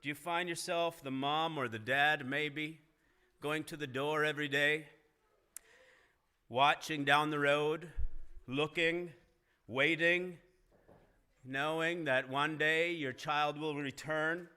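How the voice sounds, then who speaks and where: Bright-voiced male pastor preaching. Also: on the high side, fairly even intonation, takes it slowly, pauses often, clean tone. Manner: earnest preaching, rising emphasis in retold dialogue. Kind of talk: sermon. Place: church sanctuary.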